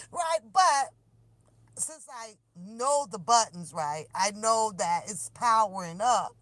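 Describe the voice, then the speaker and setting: A woman's voice: fairly high pitch, slow pace, dry recording. A woman vlogging from her car on a phone, ranting in an exasperated, laughing way and swearing freely. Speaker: vlogger talking to her viewers. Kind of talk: animated casual rant to camera. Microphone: phone camera.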